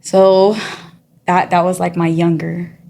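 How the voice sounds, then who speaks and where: Slow, creaky and mellow, this low female voice stays flat as a guest recounts her life story. She talks in a chatty, streetwise way, often dropping "you know" and "girl", and plays the different people in her testimony.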